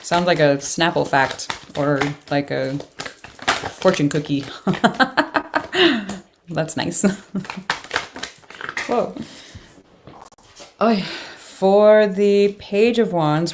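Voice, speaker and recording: A woman's voice: fairly low pitch, lively intonation, drawn-out words, pauses often, noisy background. A woman doing a casual tarot reading, thinking aloud and reacting to the cards with surprised exclamations. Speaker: tarot reader.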